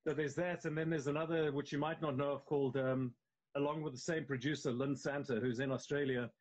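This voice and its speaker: A man's voice: fairly high pitch, fairly even intonation, a little fast, low-quality recording. A man with a South African accent, an actor chatting loosely as a guest on a live video interview. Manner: loose and conversational, with many restarts. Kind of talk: casual interview chat.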